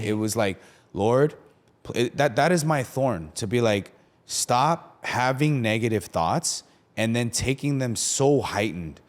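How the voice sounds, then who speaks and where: This young pastor speaks in a mid-range voice with a darkish tone. Chatting loosely on a podcast, he leans on lots of fillers and performs quotes as if playing the characters.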